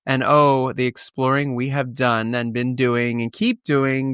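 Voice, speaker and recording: A man's voice: medium pitch, little pitch movement, measured pace, few pauses, a bit bright, clear, resonant tone, dry recording, studio quality. Playful man hosting a podcast. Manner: playful, jokey. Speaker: podcast host. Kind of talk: upbeat podcast intro. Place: London.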